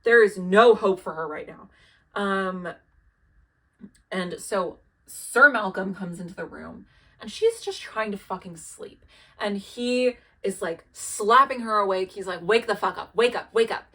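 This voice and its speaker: A woman's voice: medium pitch, measured pace, sharp tone. A young woman recapping a show in a rambling, casual way, full of fillers and swearing. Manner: rambling, filler-heavy, swears freely, laughs at her own asides.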